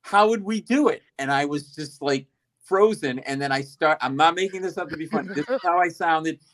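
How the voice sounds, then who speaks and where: With plenty of energy, a guest comedian in middle age spins a comic tale at his own expense, performing each line of dialogue. He talks fairly quickly in a higher, fairly bright voice.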